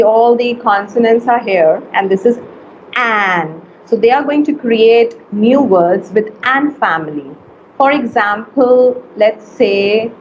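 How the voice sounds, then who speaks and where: Woman, phonics teacher, online lesson, slightly high voice, slow sounding-out of words, faint background hiss. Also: rough recording.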